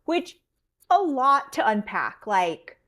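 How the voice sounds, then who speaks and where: Speaking slowly in a high voice, this woman co-hosts a podcast and walks through a drama episode. Her casual recap turns into lively storytelling as she acts out the characters' quotes.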